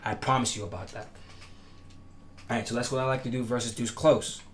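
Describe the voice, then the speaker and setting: A little hiss or hum sits under this man's brisk, steady, mid-range voice as he teaches defensive setups in a casual gameplay tutorial. As a gaming tutorial creator, he is emphatic and repetitive, making strong promises, with his voice cracking at times.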